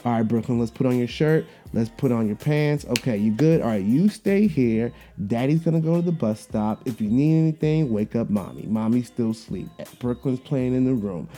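A man in his thirties hosting a podcast, telling a casual story about his kids, animated and full of fillers, acting out their voices. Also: mid-range voice, moderate pace, few pauses, faint music behind. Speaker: podcast host.

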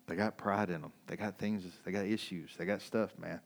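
This is a male pastor's sermon, delivered a little fast in a creaky voice with an easygoing, conversational feel. Frequent laughter punctuates it, and his volume rises to excited peaks before dropping to quiet lows.

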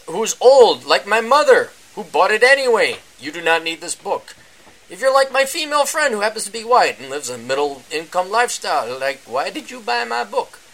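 A man hosting a casual solo podcast, rambling and sarcastic, often mocking other people in a high voice. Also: sharp tone. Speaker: podcast host. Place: indoors during a power outage.

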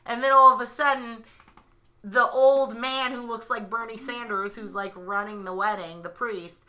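A woman co-hosting a podcast, telling a story in a casual, profane, animated way and loudly acting out the people in it. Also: fairly high pitch, normal speed. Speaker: podcast co-host. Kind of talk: casual chat.

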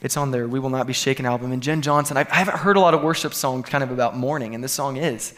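A man's voice: mid-range voice, quick pace, a bit bright. A man preaching a sermon to a congregation, earnest and building to emphatic peaks. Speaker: pastor. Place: church sanctuary.

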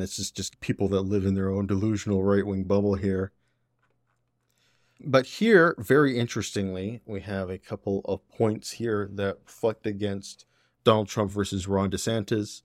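Guy doing political podcast commentary, kinda low voice, dry sound, sarcastic. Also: darkish tone, no echo. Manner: opinionated, sarcastic, quick asides. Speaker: podcast host.

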